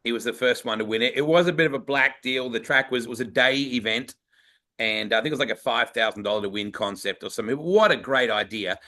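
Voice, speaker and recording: A man's voice: medium pitch, fast talker, sharp tone. An Australian man hosting a casual podcast, telling stories eagerly. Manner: eager storytelling. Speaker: podcast host.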